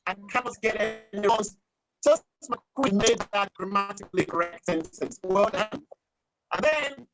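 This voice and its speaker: A woman's voice: medium pitch, poor audio. Pedantic woman giving a language report. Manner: deliberate, pedantic, corrects pronunciation and grammar. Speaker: grammarian at a club meeting. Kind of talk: formal meeting report. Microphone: video call.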